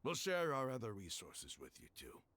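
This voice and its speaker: A man's voice: medium pitch, huge pitch swings, moderate pace, a bit bright, heavily acted. An actor voicing a resolute male leader of a desert faction in a video game, speaking steadily and persuasively.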